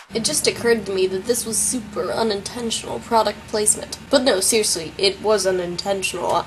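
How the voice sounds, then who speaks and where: A woman's voice: medium pitch, low-quality recording. A young woman with a Southern American accent, telling a story in a chatty, wry, self-mocking way on her vlog. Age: young adult. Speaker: vlogger.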